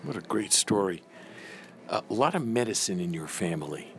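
A man's voice: sits low, big pitch swings, moderate pace, vocal fry, fairly bright tone. A man hosting an interview, asking short, prompting questions. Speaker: interview host.

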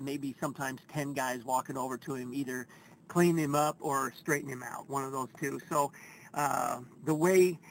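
A middle-aged man, a first base coach, telling a story in an interview in a folksy, animated way and acting out his own quotes. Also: medium pitch, gravelly, a little hiss or hum, low-quality recording. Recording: faint background ambience.

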